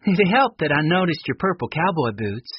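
A man's voice: a little high, very animated, normal speed, breathy edge, pitched above the performer's own voice. A man reading a storybook aloud and voicing a friendly, clumsy grown woman in a lightly raised, chatty voice, on a dull lo-fi recording.

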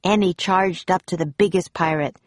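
A woman reading a children's adventure story aloud in a calm, steady manner. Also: lowish voice, moderate pace, no room sound, clean studio sound.

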